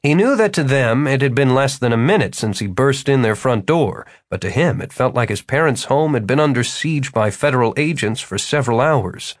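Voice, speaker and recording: A man narrating an audiobook, with expressive storytelling. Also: mid-range voice, normal speed, hardly any pauses, dry recording, clean studio sound. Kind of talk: scripted narration.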